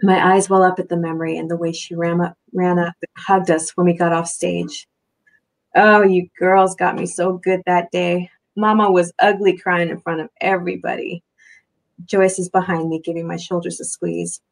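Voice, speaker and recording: Brief: a woman author with a low, gravelly voice, chatty and quick to laugh, heard over a video call. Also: little pitch movement. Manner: chatty, laughs often, full of fillers and restarts. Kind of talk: book reading and author Q&A.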